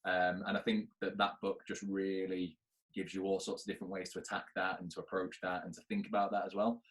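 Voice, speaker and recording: A man's voice: low voice, monotone, a little fast, low-quality recording. A man talking earnestly and reflectively as a guest in a casual podcast chat, laughing easily. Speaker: podcast guest, actor and business owner.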